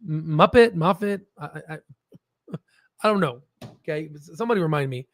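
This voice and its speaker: A man's voice: fairly high pitch, expressive, a little fast, a bit bright, dry recording. A man hosting a stock market video in a casual, rambling, jokey way, often tossing in "right?".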